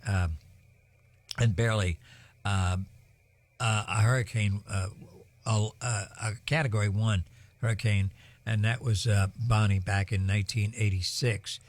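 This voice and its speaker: An older man, telling stories during live storm coverage in a rambling, folksy way full of ums and uhs. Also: lowish voice. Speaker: broadcast weather host.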